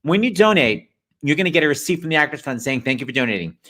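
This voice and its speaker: A man's voice: on the high side, sing-song, fast, bright, forceful tone. A man hosting a live-streamed chat show, joking and chatty as he explains how to donate. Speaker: host. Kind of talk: casual livestream chat.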